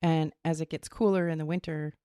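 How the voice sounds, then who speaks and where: A middle-aged woman, co-hosting a podcast in casual, animated chat. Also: sits low, fairly quick, smooth, dry recording, studio quality. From Minnesota. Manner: animated, explains theories, laughs. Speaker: podcast co-host.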